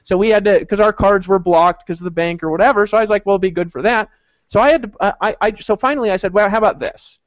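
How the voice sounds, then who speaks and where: A man tells a long story in an easy, rambling way, filling it with fillers and asides. His voice sits high and he talks quickly. The sound is dry and close. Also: dry recording, muffled recording. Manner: rambling, laughing, full of fillers. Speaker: host of a group call. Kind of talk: casual storytelling.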